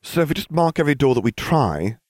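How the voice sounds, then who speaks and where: A man voicing a bossy, clever teenage girl witch in a strained high falsetto, reading a storybook. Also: sing-song, fast talker, a little mellow, dry recording. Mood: exasperated.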